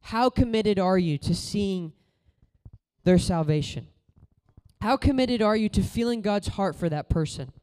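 Male preacher, high smooth voice, chatty sermon delivery with loud and quiet swings. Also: animated, unhurried. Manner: casual, conversational preaching with storytelling; voice rises and falls between loud exhortation and quiet storytelling.

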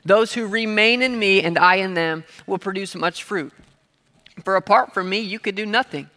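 Man, pastor, sermon, bright forceful tone, conversational, call and response with the congregation. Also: sits high, moderate pace. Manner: conversational, asks the crowd to repeat words; playful asides and everyday examples. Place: church hall. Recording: long reverb of a large hall.

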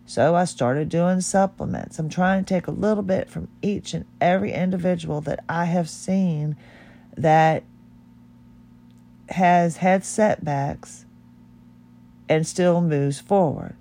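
A middle-aged woman hosts her own podcast, delivering a personal monologue in a fairly low, dark-toned voice at a slow pace. She sounds tearful as she talks in a heartfelt, candid, rambling way.

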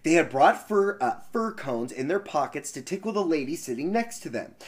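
A man reading a fairy tale aloud on a podcast, breaking off for casual banter and laughing asides. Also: a little high. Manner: animated, laughing asides, quick voices for characters.

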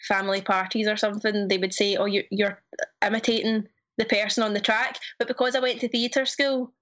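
A woman's voice: mid-range voice, level tone, a little fast, a bit bright. A young Scottish woman, a pageant guest, chatting in a bubbly, self-deprecating way. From Scotland. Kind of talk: casual chat.

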